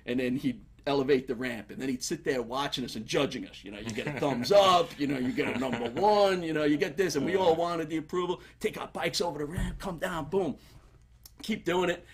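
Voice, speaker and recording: Husky man telling stories. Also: a little high, fairly quick. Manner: animated, laughing while telling stories. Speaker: guest. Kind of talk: casual storytelling.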